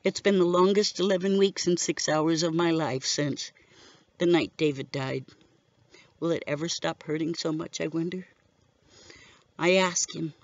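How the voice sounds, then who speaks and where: A woman's voice: low voice, unhurried, long pauses, no echo. A middle-aged widow telling her story in an earnest, grieving personal testimony. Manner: grieving, earnest, steady recounting. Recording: dull lo-fi recording.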